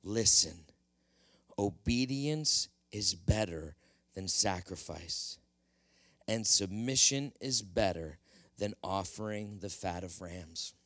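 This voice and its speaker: A man's voice: deep voice, animated, slow pace, a bit bright, dry recording, voice pushed down, full character voice. A man voicing a stern prophet in a sermon retelling, grave and reproachful. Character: stern older male prophet rebuking. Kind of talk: sermon storytelling.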